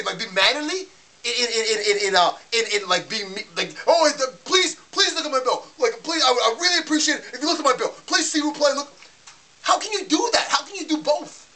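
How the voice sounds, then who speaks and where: A man's voice: very high voice, bright, forceful tone. A man ranting to camera in a casual vlog, heated and fired up, stumbling and restarting his sentences as he gets worked up. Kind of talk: casual rant.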